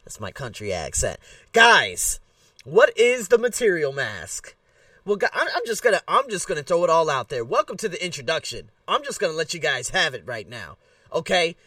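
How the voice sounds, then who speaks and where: A man hosting his own solo podcast, ranting in a blunt, animated way. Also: a little high, fairly quick, no echo, studio quality, recorded from a distance. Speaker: podcast host. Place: Bangkok.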